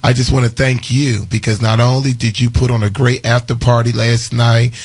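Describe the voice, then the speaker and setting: A man's voice: mid-range voice, flat delivery, moderate pace, slightly rough. A man hosting a morning radio call-in show, effusive and full of thanks, repeating names as he talks. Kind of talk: casual call-in radio chat.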